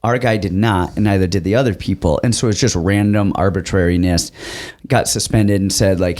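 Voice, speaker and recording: A man with a fairly low voice chats casually on a podcast. He tells rambling, self-deprecating stories from his fighting days and laughs often along the way. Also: fairly even intonation, fairly quick, hardly any pauses, a little mellow. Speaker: podcast host and former fighter. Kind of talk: casual chat.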